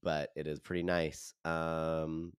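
A man's voice: extremely low pitch, level tone, slow, smooth, no echo, clean studio sound. A man co-hosting a podcast, laid-back and teasing as he chats. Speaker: podcast co-host. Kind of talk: casual chat, reading a sponsor plug.

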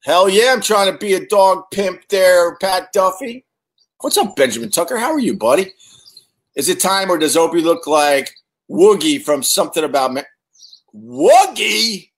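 A man's voice: high-pitched, normal speed. A man hosting a casual livestream, chatting to viewers and reading their comments, joking crudely and swearing often.

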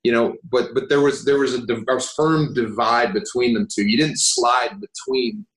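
A man's voice: medium pitch, steady tone, moderate pace, a bit bright, reverberant, poor audio. A man, an actor and guest, talking in a rambling, candid, self-deprecating way with casual swearing.

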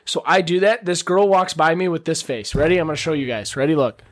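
A man's voice: fairly high pitch, brisk, few pauses. A man casually telling crude stories and ribbing his friends on a podcast. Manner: crude, storytelling, animated. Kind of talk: casual chat.

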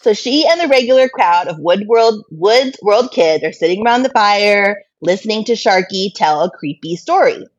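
Husky woman reading an adventure story. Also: medium pitch, animated, normal speed, hardly any pauses, highs cut off. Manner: playful, laughs often while narrating. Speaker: podcast host and story reader. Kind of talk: reading an interactive adventure book aloud.

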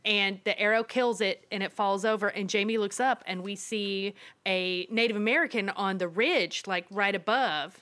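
A woman co-hosting a podcast, telling the plot in a relaxed, conversational way. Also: medium pitch, normal speed, hardly any pauses. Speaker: podcast co-host. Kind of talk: casual chat.

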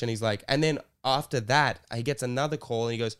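A man's voice: medium pitch, fast, hardly any pauses, a bit bright, smooth. A man, co-hosting a comedy podcast and telling a story in a rambling way, full of fillers. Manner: rambling, filler-heavy, laughing. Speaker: podcast co-host. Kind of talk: casual storytelling.

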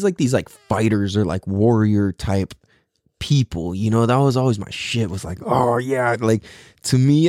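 A young man in a casual, profane, excitable monologue full of slang. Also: mid-range voice, no room sound, studio quality.

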